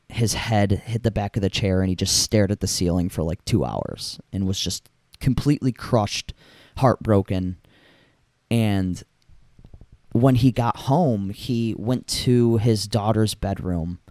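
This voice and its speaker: A young man talks through a solo podcast in a loose, rambling way, full of fillers and restarts. His voice sits a little low and sounds mellow. The mic is close, with a dry, deadened room. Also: no echo. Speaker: podcast host. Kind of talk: casual solo podcast monologue.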